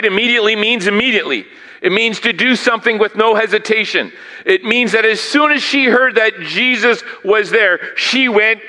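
A man preaching a sermon, theatrical and animated, swinging from loud bursts to hushed asides and quizzing his listeners. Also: high voice. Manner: asks the listeners questions. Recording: long hall reverb.

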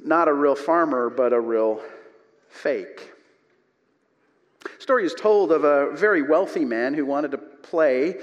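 A male pastor preaching a sermon to his congregation, telling stories with animated swings between loud and quiet. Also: mid-range voice. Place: church sanctuary. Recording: long reverb of a church hall.

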